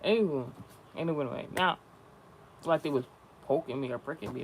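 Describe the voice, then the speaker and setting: A man's voice: a little high, fast, pauses often, background noise. A young man rambling casually and profanely in slangy vlog talk. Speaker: spiritual content creator.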